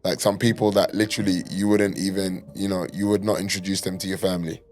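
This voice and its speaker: A man's voice: sits low, flat delivery, fast talker, darkish tone. A young man hosting a casual podcast chat, loose and joking with plenty of slang and swearing. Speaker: podcast host.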